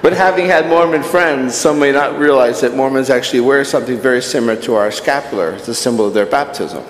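A man's voice: mid-range voice, fast, slight background noise. A man giving a conversational sermon at Mass as a Catholic priest, telling personal stories. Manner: conversational preaching with personal anecdotes. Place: church. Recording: echoey church from a distance.

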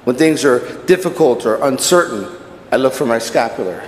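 Priest preaching in an echoey church. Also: male voice, medium pitch, animated, moderate pace, a little hiss or hum. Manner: conversational preaching with personal anecdotes. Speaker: Catholic priest. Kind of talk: sermon at Mass.

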